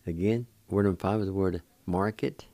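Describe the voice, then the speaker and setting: A man's voice: low-pitched, steady tone, normal speed, warm tone, no room sound. A man hosting a radio language lesson who patiently spells each word letter by letter and repeats every pronunciation. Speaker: radio host teaching vocabulary.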